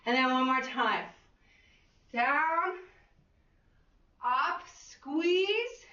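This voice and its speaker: A woman fitness instructor with a high, bright voice cues an exercise class in an unhurried, upbeat way, counting reps and whooping. She is heard from a distance in an echoey room, on a dull lo-fi recording. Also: expressive. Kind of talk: guided exercise class cueing.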